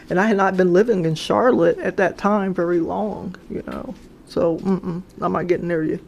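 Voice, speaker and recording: This woman's voice is lowish and steady with vocal fry, a little mellow, at normal speed over slight background noise. She tells her paranormal experiences casually, rambling and hesitant, restarting often and using fillers.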